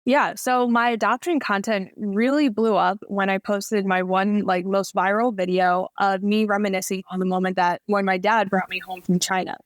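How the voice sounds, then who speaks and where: A woman's voice: mid-range voice, steady tone, normal speed, few pauses, dry recording, studio quality. A woman in her thirties, a podcast guest, chatting casually and telling her story with plenty of "like" fillers. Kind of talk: casual interview chat.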